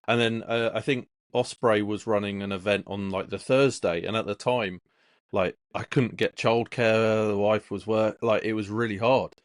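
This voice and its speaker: A man's voice: on the low side, fairly even intonation, moderate pace, dry recording. Rambling male co-host, dry sound. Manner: rambling, many fillers and restarts while storytelling. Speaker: podcast co-host. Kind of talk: casual podcast chat.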